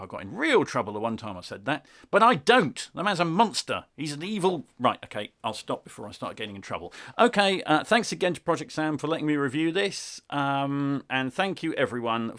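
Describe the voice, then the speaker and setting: Chatty British man reviewing software. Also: medium pitch, animated, brisk, few pauses. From Britain. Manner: chatty, self-deprecating, wry asides. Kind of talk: casual spoken review.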